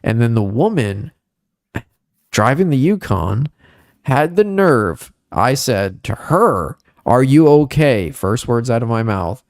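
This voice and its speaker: A young man spins a story on a casual podcast, his voice climbing high whenever the story peaks. His pitch sits in the middle range. The recording is dry and close, with no room sound. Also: takes it slowly, no room sound. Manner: animated storyteller, rising pitch on dramatic moments. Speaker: podcast host.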